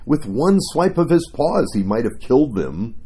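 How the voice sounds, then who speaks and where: A man preaching a devotional sermon, telling a story in an earnest, expressive way. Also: medium pitch, normal speed, breathy edge.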